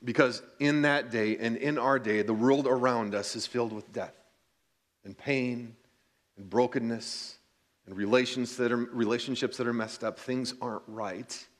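A man's voice: medium pitch, fairly even intonation. Man preaching an earnest sermon. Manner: earnest, reads scripture then reflects, slows for emphasis. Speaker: pastor. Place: church.

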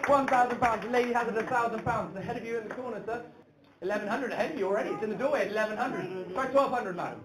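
A woman calling a live charity auction, brisk and upbeat, teasing the bidders. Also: fairly high pitch. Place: indoor event hall. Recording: echoey hall with chattering crowd.

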